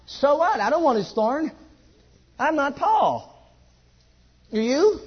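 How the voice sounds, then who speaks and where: A man preaching a sermon at a church service. He repeats his exhortations emphatically and drops to a hush. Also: very high voice, very animated, slow, lo-fi sound.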